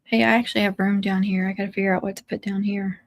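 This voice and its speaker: Woman, crafting stream host, chatty, teasing, mid-pitched, dry room. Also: flat delivery, fast, no room sound. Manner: chatty and teasing, laughs often. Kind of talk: casual live-stream chat.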